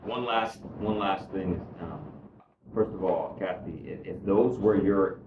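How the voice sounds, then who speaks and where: A man giving candid spoken testimony about his recovery, earnest and self-deprecating, dropping low and quiet, then climbing high and excited as he tells the story. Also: measured pace, reverberant, far from the mic, noisy background. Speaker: guest speaker sharing his recovery story.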